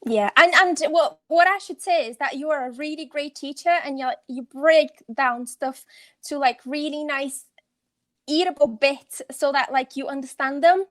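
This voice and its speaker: A woman's voice: high-pitched, normal speed, fairly bright tone. A woman guest on a video call, speaking earnestly and gratefully about a course, with many fillers. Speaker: student guest. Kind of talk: casual video-call chat.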